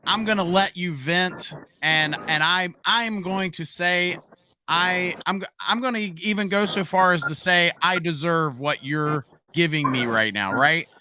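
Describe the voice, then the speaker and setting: A man hosting a live-streamed interview, relaxed and hesitant, who talks to the viewers in the chat. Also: high-pitched, a little slow, noisy background. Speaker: interview host.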